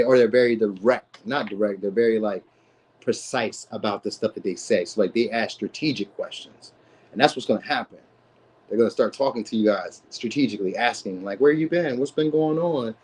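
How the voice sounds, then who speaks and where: A man's voice: on the low side, steady tone, a little fast, a little mellow, breathy edge, rough recording. A man who is a father, giving a casual live tarot reading in a slangy, rambling way. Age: adult, a father. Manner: slangy, rambling, lots of "you know what I mean". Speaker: tarot reader streamer.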